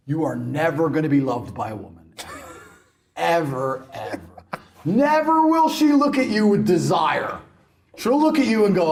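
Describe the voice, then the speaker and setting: A man in a heated interview, ranting in a brash, mocking way, swinging between loud outbursts and low mutters. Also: big pitch swings, unhurried, creaky. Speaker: interview guest. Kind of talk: heated rant.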